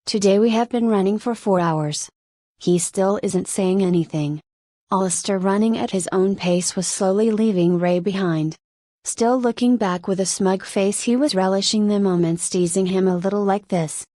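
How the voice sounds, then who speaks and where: A woman reading a light novel audiobook aloud, first-person narration delivered evenly. Her voice sits at a middle pitch, and the recording is dry and close. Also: moderate pace, warm tone, dry recording.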